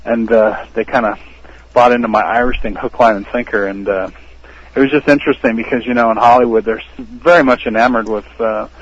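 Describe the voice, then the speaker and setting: A man from the United States, an actor and podcast guest, telling stories in a casual interview, animated and laughing often. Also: medium pitch, brisk, muffled recording, slight background noise.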